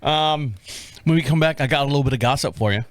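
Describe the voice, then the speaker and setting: Talking fast with no room sound, a fifties-aged man on his own show tells a rambling, heavily profane story of rural life. He vividly acts out his own yelling in a high, loud voice.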